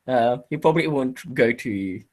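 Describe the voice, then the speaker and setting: Halting male game master. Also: mid-range voice, lively intonation, a little mellow. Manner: halting, full of fillers and restarts. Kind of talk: narrating a tabletop game.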